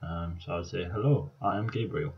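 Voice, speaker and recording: Speaking at a normal speed in a low, breathy voice, a man from Scotland narrates his language-app session like a let's-play. He muses aloud and laughs at his own errors, and the recording sounds muffled.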